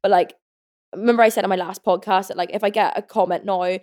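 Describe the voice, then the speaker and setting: A woman's voice: mid-range voice, steady tone, quick pace, a little mellow. A woman in her twenties hosting a podcast, chatting casually in a rambling way, full of fillers and the odd swear word. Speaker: podcast host. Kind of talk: casual chat.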